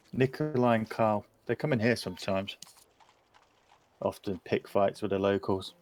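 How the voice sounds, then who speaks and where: A man's voice: lowish voice, unhurried, lightly acted. A man voicing a chatty, helpful male innkeeper who talks in an easygoing, gossipy way.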